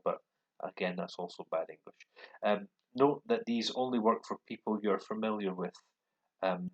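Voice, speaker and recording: A man's voice: low voice, poor audio. A Scottish man talking through a language course in a casual, hesitant way, full of ums and restarts. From Scotland. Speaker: language learner vlogger. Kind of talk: casual explanatory walkthrough. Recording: voice with computer speakers playing.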